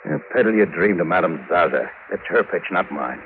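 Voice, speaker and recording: A man's voice: low voice, animated, a little fast, phone-quality sound, a little hiss or hum. A man playing a tough, contemptuous con man with curt, clipped speech, in 1940s radio acting, on an old broadcast recording. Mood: cold. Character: hard-boiled male con man, cold and tough.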